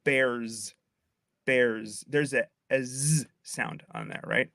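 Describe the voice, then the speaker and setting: A man's voice: medium pitch, fairly even intonation, a little slow, creaky, pushed and bright, no echo. A man, a linguist on a video call, patiently explaining speech sounds in a casual chat with playful asides. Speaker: linguist guest.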